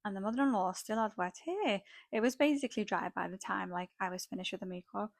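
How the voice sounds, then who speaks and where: A woman's voice: mid-range voice, quick pace, creaky, dry recording. A young woman, a makeup artist, telling a dramatic gossipy story in a casual chat full of "like" fillers.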